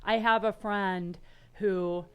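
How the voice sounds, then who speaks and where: A woman guest on a podcast, talking in casual chat, animated and quick to laugh. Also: medium pitch, clean tone.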